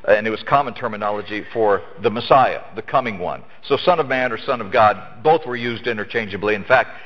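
A man leading a Bible study lesson in a church, explaining earnestly and emphatically, often restarting his sentences. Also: lowish voice. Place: church hall. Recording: echoey church hall, dull lo-fi sound.

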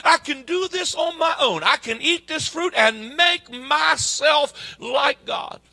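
High, gravelly fervent preacher. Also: male voice, lively intonation, slow, no room sound. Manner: fervent preaching, swings from shouting to quiet, folksy grammar. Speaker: guest preacher. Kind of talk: sermon. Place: church service.

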